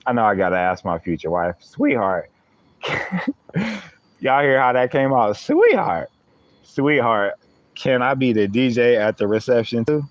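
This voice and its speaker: A man's voice: mid-range voice, brisk, hardly any pauses, no room sound, lo-fi sound. A man using hosts a live stream, chatting playfully with viewers and laughing often. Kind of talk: joking live-stream chat.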